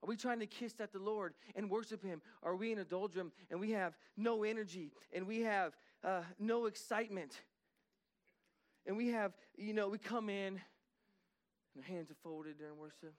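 Male pastor with a high voice, folksy storytelling sermon, acts out the characters in his stories. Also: moderate pace. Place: church sanctuary.

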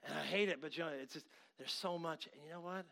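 A middle-aged man preaching a sermon, animated, swinging between loud outbursts and quiet asides, often acting out quoted voices. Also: a little high, quick pace, creaky. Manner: acts out quoted voices mid-story.

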